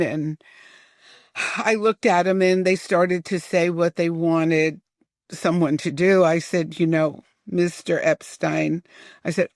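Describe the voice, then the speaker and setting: A man in his seventies from the New York area, reminiscing in unhurried, detailed storytelling as a podcast guest. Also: on the high side, steady tone, no echo, studio quality. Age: 70s. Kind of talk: storytelling in an interview.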